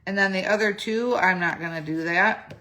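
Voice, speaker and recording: In her casual craft tutorial, a middle-aged woman explains each step at a moderate pace, chatty and thinking aloud as she corrects herself. Her mid-range voice is bright and forceful, with a slightly phlegmy throat.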